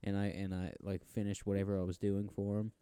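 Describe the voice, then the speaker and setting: A man's voice: lowish voice, monotone, brisk, warm tone, clear, resonant tone, no room sound. A man co-hosting a casual podcast, rambling and swearing with frequent stammered restarts. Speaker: podcast co-host. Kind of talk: casual chat. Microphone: headphones and laptop setup.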